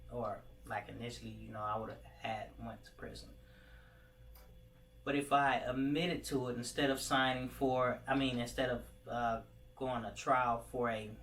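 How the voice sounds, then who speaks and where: A man tells his own story in a meandering monologue, filling his pauses with "you know" and "like." His voice sits at an ordinary middle pitch. The mic is a little far from him, and a faint noise runs under the recording. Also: a bit bright. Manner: rambling, full of "you know" and "like" fillers.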